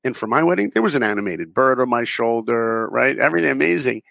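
A man in his forties, an interview guest who tells animated stories and acts out the dialogue in them. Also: medium pitch, quick pace, gravelly, no echo. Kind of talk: conversational storytelling.

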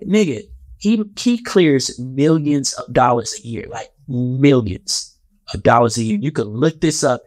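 A man's voice: medium pitch, animated, normal speed, dry recording, clean studio sound. A man giving a heated, profane, rambling commentary rant in a casual vlog.

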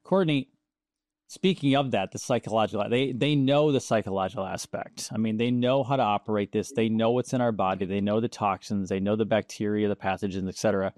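A man hosting a conversation, telling stories in a casual, animated way and acting out the quoted voices. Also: lowish voice, fairly quick, no echo, studio quality. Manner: animated, acts out quoted dialogue, laughs often. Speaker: show host.

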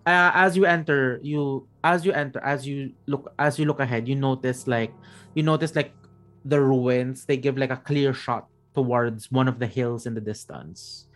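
A man narrating a tabletop game as game master, halting and restarting as he describes the scene. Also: mid-range voice, a bit bright, soft background music.

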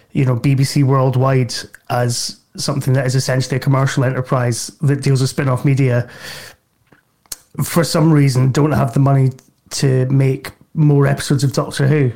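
Wry, hesitant panelist. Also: male voice, mid-range voice, flat delivery, moderate pace, warm tone. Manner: hesitant starts, wry opinionated. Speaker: podcast panelist. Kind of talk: casual podcast chat.

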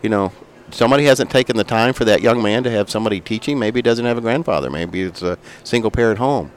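A middle-aged man, a fishing guide who makes flies, telling a lively story in a casual interview and making sound effects as he talks. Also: lowish voice, fast, a little hiss or hum. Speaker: fishing guide and fly maker.

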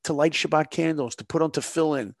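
A man's voice: a little high, brisk, no room sound, pitched above the performer's own voice, close to an everyday voice. A man voicing an older male rabbi, speaking solemnly and earnestly.

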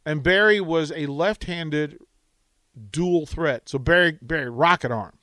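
A middle-aged man hosting a sports radio show, telling a story with lively acted-out quotes. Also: a little high, measured pace, no room sound. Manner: animated storytelling, acts out quotes. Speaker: radio host.

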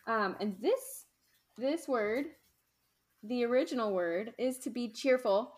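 A woman's voice: a little high, animated, slow pace. A woman co-hosting a women's Bible podcast, talking in a reflective, self-deprecating way and laughing at herself. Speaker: podcast co-host. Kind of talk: casual podcast chat.

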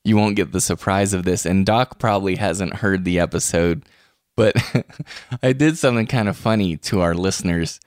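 A man's voice: low-pitched, normal speed, no room sound, studio quality. A man hosting a podcast in casual chat, chatty and laughing often. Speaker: podcast host. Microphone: podcast microphone.

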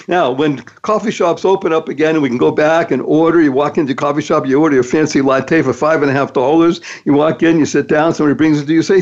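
Male podcast host, emphatic and upbeat, slightly high pitch, dull lo-fi audio. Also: a little fast, few pauses, darkish tone. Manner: upbeat, emphatic, playful acronyms. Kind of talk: motivational talk.

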